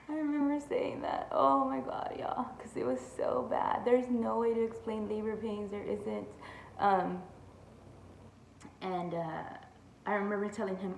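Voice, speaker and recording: A woman's voice: medium pitch, normal speed, creaky, a little hiss or hum. A young woman chatting through a storytime vlog, full of "like" and "y'all". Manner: chatty, says "like" and "y'all" a lot. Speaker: vlogger. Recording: echoey room with faint ambience.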